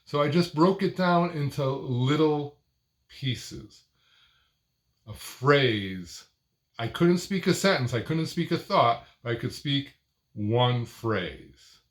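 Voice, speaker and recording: An older man teaching speech technique, talking in short, deliberate phrases with a stressed word near the end of each one. His delivery is expressive and almost sing-song. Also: mid-range voice. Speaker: speaking coach. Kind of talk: instructional talk to camera.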